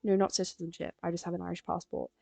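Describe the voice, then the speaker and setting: A woman's voice: lowish voice, level tone, racing, gravelly, dark tone, breathy edge, dry recording, faint music behind. A teenage girl from England, rambling casually on a live stream while she draws, full of fillers. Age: teens. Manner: rambling, chatty, frequent fillers. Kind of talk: casual chat while drawing.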